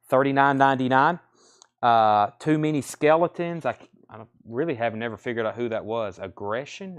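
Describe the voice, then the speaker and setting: A man with a Southern US accent hosts a live record sale from a record store, reading off titles, grades, and prices and thinking aloud in live-stream sales patter. His voice is medium-pitched and smooth.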